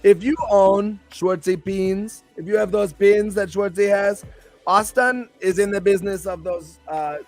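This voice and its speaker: A male host and pro wrestler chatting on a live stream show in a hyped, rambling, playful way. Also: sits high.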